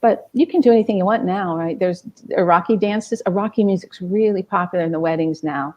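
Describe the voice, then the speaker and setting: A middle-aged woman, a music scholar being interviewed, telling lively stories and acting out the people she quotes. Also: on the low side, brisk, dull audio. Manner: animated, acts out quoted people.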